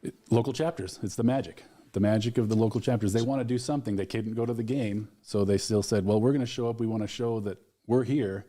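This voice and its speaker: Low, mellow-voiced man telling stories. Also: fast, hardly any pauses. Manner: earnest, retells stories with quoted dialogue. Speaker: alumni relations director. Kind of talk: radio interview guest.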